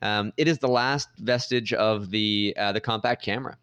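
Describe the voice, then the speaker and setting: A man from Canada, a podcast guest, talking in a measured, thoughtful way. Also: fairly low pitch, fairly bright tone, clear, resonant tone, dry recording. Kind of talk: casual chat.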